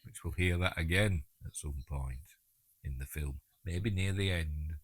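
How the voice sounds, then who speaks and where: A man's voice: a bass voice, a little slow, husky, dry recording. A man with a Yorkshire accent giving a chatty, jokey audio commentary on a film and talking back to the characters on screen. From England.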